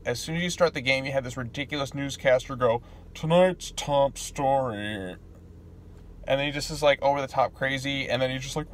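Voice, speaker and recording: A young man giving a casual, rambling movie review from a theater parking lot, full of fillers and restarts. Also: medium pitch.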